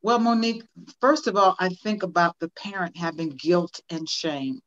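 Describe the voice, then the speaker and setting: A woman's voice: lowish voice, moderate pace, highs cut off. An older woman and motivational speaker, talking as an interview guest and telling personal stories in an earnest, preacher-like way.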